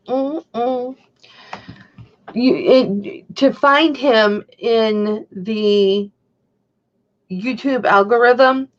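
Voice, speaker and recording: A woman's voice: medium pitch, dull audio. A woman hosting a casual livestream, talking in a chatty, rambling way and answering viewers' chat. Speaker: livestream host. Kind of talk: casual chat to a live audience.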